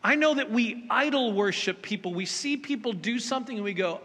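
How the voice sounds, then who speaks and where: A man's voice: extremely high pitch, expressive, a little fast, fairly bright tone, slightly rough. A man preaching a sermon as pastor, speaking emphatically and directly to his congregation. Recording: long reverb of a large hall.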